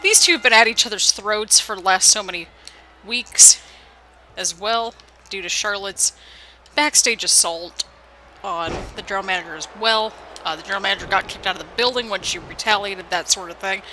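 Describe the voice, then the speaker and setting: A woman's voice: medium pitch, moderate pace, pushed and bright, slight background noise, rough recording. A woman casually commenting play-by-play over a video game at home, rambling and poking fun at her own slip-ups. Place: home apartment.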